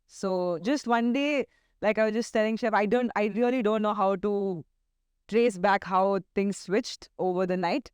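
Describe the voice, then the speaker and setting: A woman, a chef chatting casually as an interview guest, relaxed with frequent fillers and restarts. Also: medium pitch, a little slow, clean tone, no echo. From India. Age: 30s.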